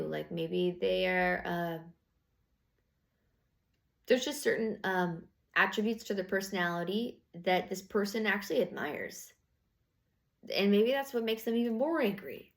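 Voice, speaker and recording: Gravelly-voiced woman giving a blunt tarot reading. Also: mid-range voice. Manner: rambling, blunt and profane, with frequent fillers; laughs while talking. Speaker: tarot reader. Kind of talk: casual tarot reading to camera.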